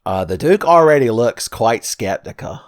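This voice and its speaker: A man's voice: medium pitch, animated, moderate pace, no room sound, studio quality. Sarcastic man doing profane game commentary. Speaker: gameplay commentator. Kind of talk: Let's Play commentary.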